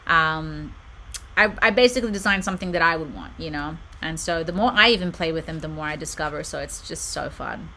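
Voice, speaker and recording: A woman's voice: low-pitched, a little fast, sharp tone, slight background noise, rough recording. A middle-aged woman hosting a live stream, giving reassuring relationship advice and reading viewer comments aloud. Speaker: spiritual channel host.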